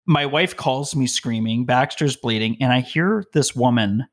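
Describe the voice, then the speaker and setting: A man telling a long personal story from his home office, in an animated, heated way with quick bursts of speech. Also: mid-range voice. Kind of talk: conversational storytelling.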